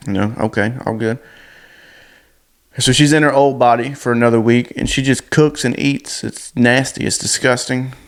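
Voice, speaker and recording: A man's voice: mid-range voice, moderate pace. A man casually recapping a movie plot in a rambling, blunt and crude way, full of fillers.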